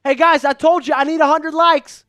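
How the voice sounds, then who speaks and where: A man calling a game live for an online fan stream, hyped and pleading with his viewers, rising to shouts at big plays. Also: very high-pitched, little pitch movement, moderate pace, slight background noise. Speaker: fan livestream play-by-play host. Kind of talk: excitable live play-by-play commentary.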